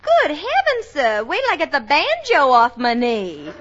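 A ditzy young secretary drips with an over-the-top put-on Southern drawl in a sing-song lilt. Her voice sits very high and rises and falls in broad swoops. It comes through a dull, hissy old film soundtrack. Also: huge pitch swings, unhurried, heavily acted. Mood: coy. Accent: exaggerated put-on Southern US drawl. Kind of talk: 1930s film comedy acting.

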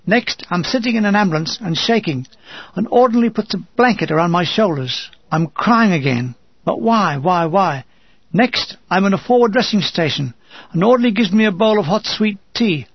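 A man's voice: high voice, expressive, brisk, breathy edge, dry recording, muffled recording. A man narrating his own wartime memoir in a dry, wry voice that turns urgent and shaken. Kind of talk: first-person wartime memoir reading.

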